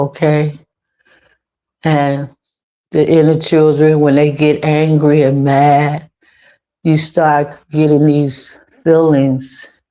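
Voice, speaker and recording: A woman talks to her livestream viewers in an earnest, unhurried way and repeats key phrases for emphasis. Her voice is mellow and stays fairly flat. The audio is dull and lo-fi. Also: deep voice. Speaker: livestream host. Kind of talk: casual livestream monologue.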